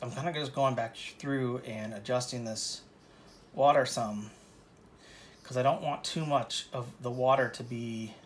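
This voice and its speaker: A man's voice: medium pitch, slight background noise. Rambling, joking male painting teacher. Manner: rambling, joking and self-deprecating. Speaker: painting instructor. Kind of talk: casual painting tutorial talk.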